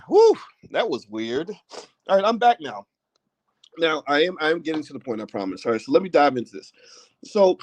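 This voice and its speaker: A man giving a casual, animated talk on finance straight to his viewers at a desk mic, with folksy asides. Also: medium pitch, no room sound. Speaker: finance commentator. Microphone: desk microphone.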